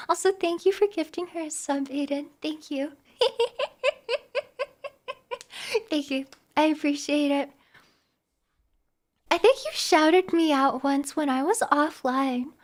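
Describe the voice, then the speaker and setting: A young woman streamer chatting casually with her viewers, giggly and animated, with lots of quick restarts. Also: high voice. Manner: giggly, animated, talks fast with many restarts. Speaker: live streamer.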